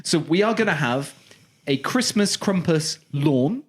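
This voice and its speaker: A man co-hosting a casual comedy podcast, pitching outlandish ideas with mock-salesman bravado. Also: animated, a little slow, husky. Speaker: podcast co-host.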